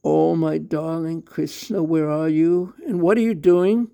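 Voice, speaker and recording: A man's voice: medium pitch, fairly even intonation, takes it slowly, vocal fry, dark tone, dry recording. Man voicing doting mother Yashoda. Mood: calling.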